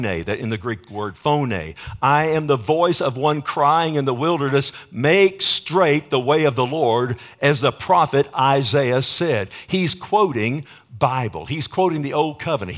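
A male preacher with a mid-pitched voice delivering a sermon. He builds to loud, urgent declarations, then drops to a hush, and keeps asking the congregation "Amen?". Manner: dynamic preaching, swings between loud emphasis and hushed near-whispers.

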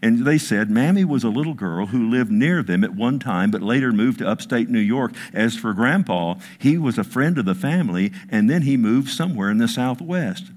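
A man preaching a sermon, telling stories with emphasis, his voice dropping hushed and then rising, with frequent asides like "listen" and "I mean.". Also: mid-range voice, expressive, normal speed, few pauses. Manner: storytelling, emphatic, swings between hushed and raised; repeats "listen" and "I mean" as fillers. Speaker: pastor.

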